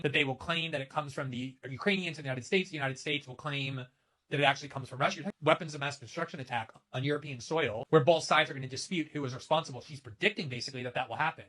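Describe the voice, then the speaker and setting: Fast, bright-voiced male political commentator. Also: fairly high pitch. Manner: emphatic, sharply critical. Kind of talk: scripted commentary video.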